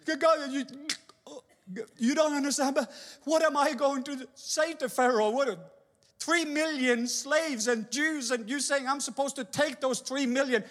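A man voicing an anxious, stammering Moses who protests in a high, hurried voice. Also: steady tone, fairly bright tone, big-room sound. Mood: pleading. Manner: high, fast, flustered protesting.

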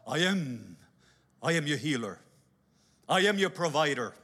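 A man voicing God as a calm, commanding figure who speaks in slow, measured pronouncements. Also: on the high side, husky, in a large hall, voice pushed down, full character voice. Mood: solemn.

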